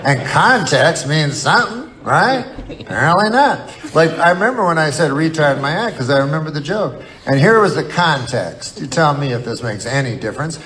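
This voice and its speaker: A man doing a stand-up comedy set, rambling and mock-earnest in a deadpan way, with sudden outbursts. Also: a little high, normal speed. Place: live comedy venue with laughing audience. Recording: live stage recording with crowd laughter and noise. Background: audience laughter.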